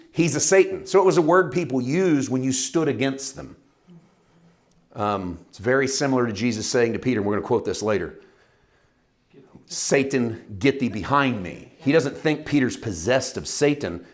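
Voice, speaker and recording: Leading a Bible study lesson in a mid-range voice, this man keeps things conversational yet emphatic and often asks his listeners questions.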